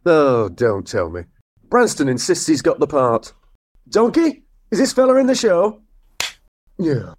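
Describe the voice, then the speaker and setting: A harried director of a village nativity, played by a man in an audio comedy. He snaps and sighs through the auditions, his husky voice swinging wildly up and down. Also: fairly high pitch, sing-song, a little slow, pauses often. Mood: exasperated. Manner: brusque and exasperated.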